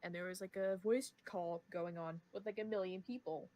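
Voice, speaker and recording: A woman's voice: fairly low pitch, fairly even intonation, moderate pace, a little mellow, dry recording. A teenage girl talks loosely on a podcast and giggles often. Her stories ramble from one aside to the next. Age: teens. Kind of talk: casual chat.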